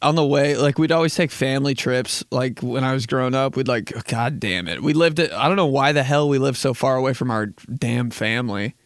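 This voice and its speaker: A man's voice: medium pitch, a little fast, hardly any pauses, no echo. Rambling, laughing young man, dry close mic. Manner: rambling, laughs often, swears, bursts into silly put-on voices. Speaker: podcast host. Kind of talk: casual comedic podcast chat.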